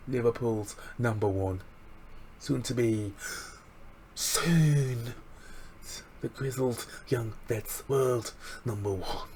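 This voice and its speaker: A man reviewing a wrestling show in a casual, excitable, slangy recap chat. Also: lowish voice, creaky, a little hiss or hum.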